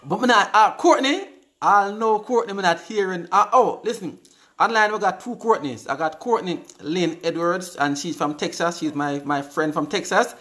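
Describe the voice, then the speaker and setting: A man's voice: high voice, moderate pace, a bit bright. Chatty Jamaican man hosting a live show. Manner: upbeat, chatty, repeats words, answers comments aloud. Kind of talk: casual live-stream chat, reading viewer comments.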